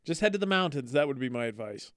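A man co-hosting a radio after-show, handing out joking, deadpan advice in casual chat. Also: mid-range voice, fast, dry recording, clean studio sound. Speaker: radio co-host.

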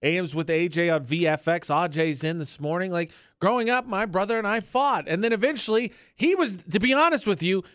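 A man's voice: sits high, a little fast, hardly any pauses, no echo. A man hosting a radio morning show, telling stories with lots of laughter in a studio. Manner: animated storyteller, laughs often. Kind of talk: casual radio banter. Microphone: studio mic.

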